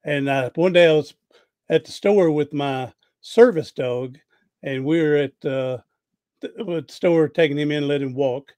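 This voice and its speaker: A man's voice: fairly high pitch, unhurried, a little mellow, dry recording. A man hosting a podcast interview, telling rambling, folksy anecdotes with frequent restarts. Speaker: podcast host. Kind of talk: casual interview storytelling.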